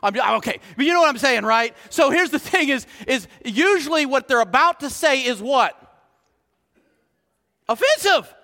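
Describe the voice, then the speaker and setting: A male pastor preaching a sermon, animated, moving from quiet asides to shouted emphasis. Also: extremely high pitch, moderate pace, in a large hall.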